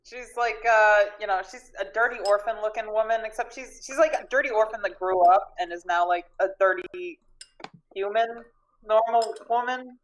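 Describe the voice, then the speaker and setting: A woman's voice: mid-range voice, steady tone, normal speed. A woman playing a tabletop game, describing her character with giggles, self-deprecation and trailing sentences. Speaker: player. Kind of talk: casual tabletop play.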